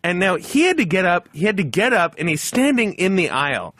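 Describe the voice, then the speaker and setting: A man's voice: sits high, fairly quick, no echo, clean studio sound. A man in his thirties, telling a comic anecdote as a podcast guest. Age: 30s. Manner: animated anecdote, shouting when he quotes others. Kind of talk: comedic storytelling on a podcast.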